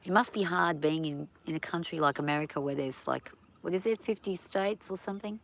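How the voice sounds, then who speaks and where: A woman's voice: lowish voice, brisk. A middle-aged Australian woman chatting casually on a farm livestream, rambling and laughing easily, a bit stuffy from hay fever.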